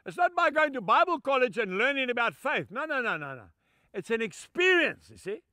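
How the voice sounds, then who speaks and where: An older man preaching a sermon, emphatic, swinging from shouts down to soft, low asides and calling his listeners "folks". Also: sing-song, a little fast, clean tone, no echo, studio quality.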